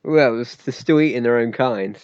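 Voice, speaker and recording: A man's voice: mid-range voice, moderate pace, a little mellow, clear, resonant tone, no room sound, lo-fi sound. A man co-hosting a casual podcast chat, explaining things and correcting his co-host.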